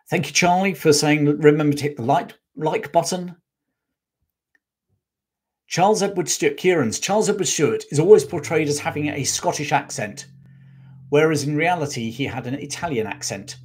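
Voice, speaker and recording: Husky man hosting a live chat. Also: medium pitch, darkish tone. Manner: chatty and enthusiastic, many asides and restarts. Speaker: history channel host. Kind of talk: live-stream chat, answering viewer questions.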